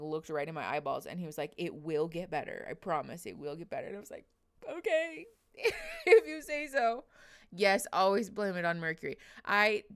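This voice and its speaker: Still teary from crying, the livestream host speaks in a lowish, fairly bright voice. She chats emotionally in a casual way, calling out viewers' names and laughing frequently.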